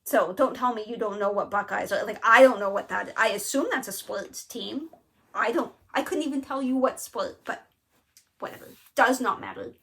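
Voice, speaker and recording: A woman hosting a craft video, telling a story in a casual, animated way and acting out what people said. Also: medium pitch, moderate pace. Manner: animated, lots of "like" and quoted asides. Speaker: flosstube host.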